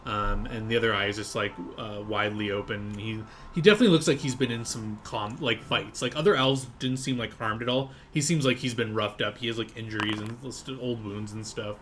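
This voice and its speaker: A man's voice: lowish voice, steady tone, a little fast, hardly any pauses, a bit bright, slight background noise. A man running a tabletop game, narrating in a loose, rambling way with many fillers. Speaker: game master.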